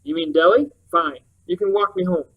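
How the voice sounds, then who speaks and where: A man reading aloud, voicing a chatty, bossy little old countrywoman who talks briskly and scolds. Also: high voice, recorded from a distance, highs cut off.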